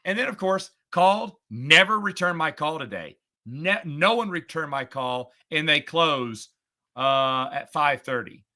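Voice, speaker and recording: Bright-voiced chatty man telling a story. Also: on the high side, measured pace. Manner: chatty, sarcastic, animated when retelling. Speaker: podcast host and streamer. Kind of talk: casual chat.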